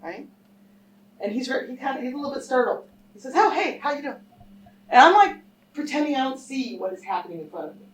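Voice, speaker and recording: Her voice is high and quick with lively intonation as this woman scholar tells a story in a public lecture to a live audience. Emphatic and direct, she often turns to the crowd with questions, and the recording catches her a little far from the mic with faint background noise.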